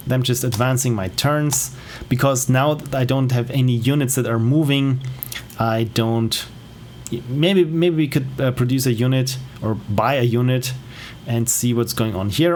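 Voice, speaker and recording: A man's voice: mid-range voice, a little mellow, a little hiss or hum. Easygoing man streaming a game. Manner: easygoing, rambling, self-deprecating. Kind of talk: casual gameplay commentary.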